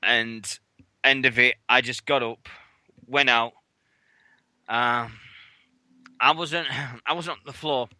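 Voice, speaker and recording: A man's voice: mid-range voice, steady tone, slow pace, long pauses, bright, forceful tone, no room sound. A man hosting a radio show, telling stories in casual, sweary chat and acting out what others said. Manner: chatty, sweary, acts out others' lines.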